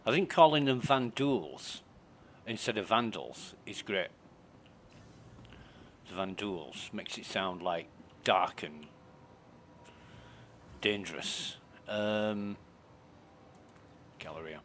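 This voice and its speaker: A man's voice: on the low side, lively intonation, slow pace, pauses often, a bit bright, slight background noise. A man commentating casually on his gameplay, thinking aloud, muttering and swearing. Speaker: game streamer.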